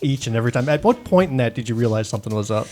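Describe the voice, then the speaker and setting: A man co-hosting a podcast in a relaxed, wry, conversational way, at a middle pitch. A faint music bed sits under his voice. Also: racing. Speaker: podcast co-host. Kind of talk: casual podcast chat.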